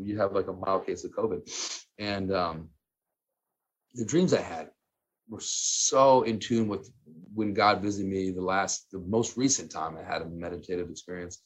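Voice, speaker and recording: A man in his thirties, a guest telling a personal story in casual, animated talk, full of fillers and laughter. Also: low-pitched, moderate pace, slightly rough.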